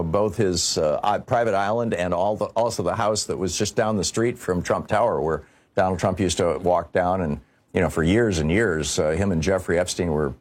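A man hosting a political talk radio show, speaking off the cuff with many fillers and restarts. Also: lowish voice.

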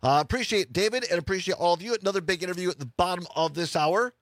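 A man's voice: sits high, fast talker, fairly bright tone, dry recording. A man from Wisconsin hosting a radio talk show, chatting casually and jokily with many restarts. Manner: rambling, jokey, restarts a lot.

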